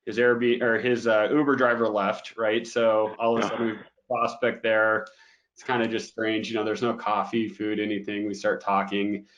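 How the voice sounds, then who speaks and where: A male interview guest with a fairly low voice who speaks in an easygoing, loose way. He pads his sentences with fillers and laughs easily as he talks about his work. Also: a bit bright. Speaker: business development director, guest. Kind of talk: casual interview chat.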